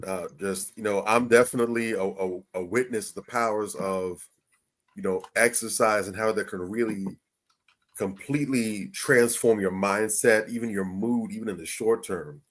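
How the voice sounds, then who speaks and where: A man on a podcast speaking in measured, earnest casual chat, often hedging. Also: lowish voice, steady tone. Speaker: podcast co-host.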